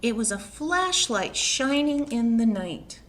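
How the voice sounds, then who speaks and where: Slow, gentle woman reading a picture book. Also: fairly high pitch. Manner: gentle, slow and expressive, asking the listeners questions. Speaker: children's librarian reading aloud. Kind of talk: picture book read-aloud for young children. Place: at home.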